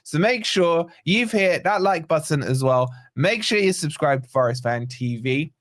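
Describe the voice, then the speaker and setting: A man's voice: a little high, expressive, normal speed, fairly bright tone. A man hosting a live fan watch-along stream, reading out chat comments with chatty, teasing banter. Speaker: fan channel host.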